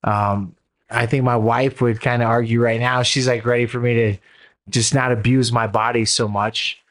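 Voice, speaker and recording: A man's voice: medium pitch, flat delivery, moderate pace, a bit bright. Easygoing man, podcast guest. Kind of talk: casual chat.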